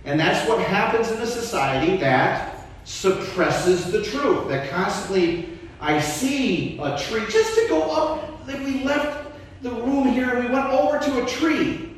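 Male pastor preaching with a lively, swinging delivery in a reverberant church, mic set a little far off. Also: very high voice, a little slow, slight background noise. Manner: animated preaching, voice rising and dropping. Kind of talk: sermon.

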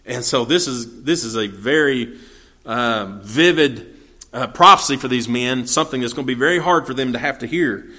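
Bright-voiced man teaching a Bible study. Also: medium pitch, moderate pace. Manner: reads old scripture, then explains it in plain, folksy talk with fillers.

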